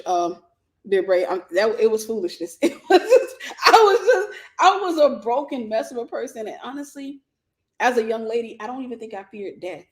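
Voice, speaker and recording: A woman host telling a personal story and giving dating advice in a lively, casual way, often breaking into laughter. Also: fairly low pitch. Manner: animated, bursts into laughter, vernacular.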